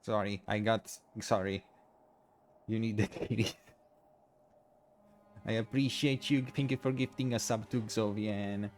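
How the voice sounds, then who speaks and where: A man streaming a game live, chatting in a rambling, giggly, apologetic way, tired and low on energy. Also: fairly even intonation, a little slow, long pauses. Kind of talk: casual live-stream chat.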